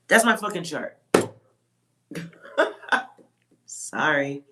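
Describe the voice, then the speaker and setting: A woman with a low, grounded voice chats on a livestream as a psychic reader. She talks bluntly and swears freely, with laughs breaking into her talk. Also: measured pace, noisy background. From Texas. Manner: blunt, profane, laughs often. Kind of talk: casual livestream chat.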